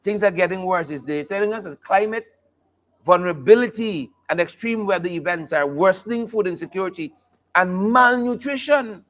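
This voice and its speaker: A man's voice: high voice, moderate pace, fairly bright tone. A man hosting a live talk show, joking and commenting on the news in a playful, casual way. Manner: joking, playful, sings snippets and laughs often.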